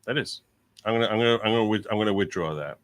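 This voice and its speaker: Excitable lawyer streamer, low voice. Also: male voice. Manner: excitable, repeats himself, quickly concedes points. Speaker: lawyer streamer reading chat. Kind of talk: live panel commentary.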